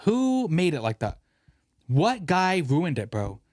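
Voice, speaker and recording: A young man hosts a casual podcast and rants with a lively, swooping delivery that climbs a little high for a man. He swears freely and keeps pushing his point. The sound is dry and close. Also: slow, no room sound. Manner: animated, swears freely, ranting. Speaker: podcast host.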